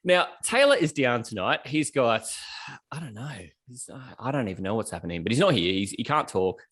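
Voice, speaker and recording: A man's voice: mid-range voice, very animated, brisk, fairly bright tone, husky. An Australian man hosting a podcast, chatting casually through the show intro and sometimes correcting himself. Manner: chatty, rambling, self-correcting. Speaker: podcast host.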